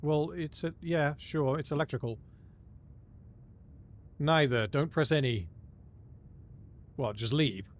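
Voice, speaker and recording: A man's voice: a little high, takes it slowly, long pauses. A man streaming a video game, joking and thinking aloud as he plays. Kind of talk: casual live commentary.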